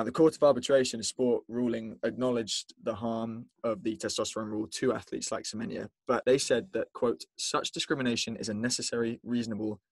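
A man from South Africa co-hosting a podcast, talking in a measured way and reading out facts carefully. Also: medium pitch, dry recording. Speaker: podcast co-host. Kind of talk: casual discussion.

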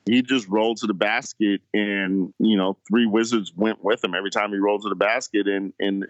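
A man co-hosting a sports podcast in casual chat, talking haltingly with many restarts. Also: on the low side, steady tone, no echo, muffled recording. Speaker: podcast co-host.

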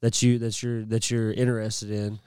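A man's voice: fairly low pitch, little pitch movement, normal speed, darkish tone, smooth, dry recording, clean studio sound. A man co-hosting a podcast who chats casually and agrees often. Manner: agreeable, lots of yeahs. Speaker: podcast co-host. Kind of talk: casual chat.

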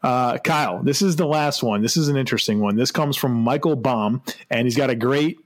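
A man's voice: mid-range voice, a little fast. A man co-hosting a casual sports podcast, chatting about football with frequent laughter and hesitant restarts. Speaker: podcast co-host.

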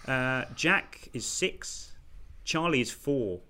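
A man with a bright, sharp-edged voice hosts a podcast quiz. He explains rules and scores with an upbeat, wry tone. He is recorded over a video call. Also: medium pitch, expressive, slow pace. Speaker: quiz host.

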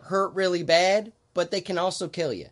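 Laid-back man explaining in casual chat. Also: high-pitched. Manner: relaxed, explanatory, halting with fillers. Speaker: podcast host.

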